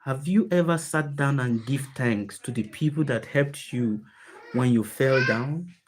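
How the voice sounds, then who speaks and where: A woman spiritual teacher with a deep, low voice speaks unhurriedly to a group on a video call. She delivers her talk emphatically, poses rhetorical questions to her listeners and repeats key phrases to drive them home.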